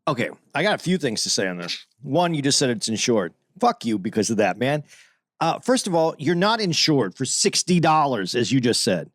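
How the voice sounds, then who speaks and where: A man co-hosting a podcast in casual chat, rambling and halting through his stories. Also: medium pitch, very animated, dry recording, studio quality. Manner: rambling, halting, with many fillers and restarts. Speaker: podcast co-host.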